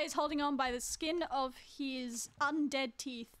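A woman's voice: high voice, fairly even intonation, measured pace, fairly bright tone. A woman streaming a game live, chatting casually with viewers and teasing them as she plays. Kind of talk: casual live-stream chat while playing.

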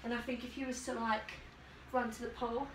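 Speaking fairly quickly in a slightly high voice with a flat delivery, a YouTuber chats giggly and self-deprecatingly during a swimwear try-on haul. The echoey recording catches her from across the room, far from the mic, with a little hiss or hum.

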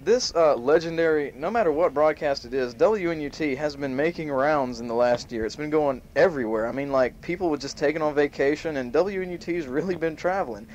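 A man hosting an amateur home-made show, reading a list aloud in a mock-serious way and punching the quoted bits loudly. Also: on the high side, brisk, few pauses. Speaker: host. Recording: muffled home tape with faint hiss.

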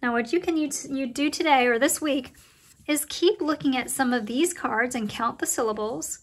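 A woman teaching a preschool circle time lesson, talking to young children in a cheerful, slow and encouraging way. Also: high-pitched.

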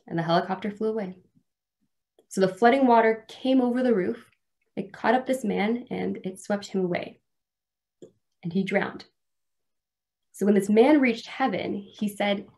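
A woman's voice: mid-range voice, normal speed, long pauses, warm tone. Woman preaching a story-filled sermon. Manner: conversational, self-deprecating humor. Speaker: guest speaker at a church service. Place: church.

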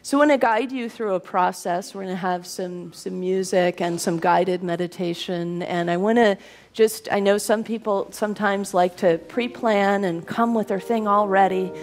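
A woman's voice: medium pitch, moderate pace. Woman minister preaching a sermon. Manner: warm, laughing, conversational preaching.

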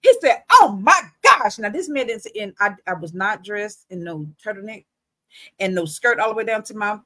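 A woman in a candid, conversational telling of a personal faith testimony, with a lively storytelling manner. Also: mid-range voice, fairly quick, dry recording. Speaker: Christian beauty vlogger.

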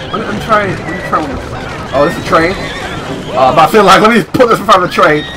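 A young man giving casual, excitable, swearing commentary on his video game play. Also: high-pitched, fast, heavy background noise. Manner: excitable, swearing, talks to himself. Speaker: gameplay commentator. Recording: game music playing underneath.

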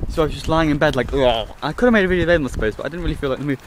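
A man's voice: on the high side, racing. A young man, chatting casually in a rambling, playful vlog, filmed on a handheld camera outdoors. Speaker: vlogger. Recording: loud outdoor noise.

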